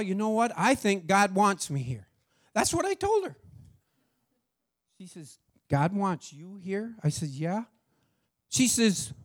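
A middle-aged man telling a church testimony story, acting out the dialogue with lively feeling. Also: high-pitched. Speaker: church speaker sharing a testimony.

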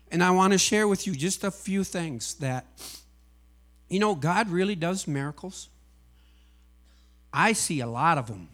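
Man, faith testimony, lively storytelling, slightly high voice. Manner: storytelling, acting out dialogue, emotional. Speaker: UPS driver and missionary. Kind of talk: personal testimony.

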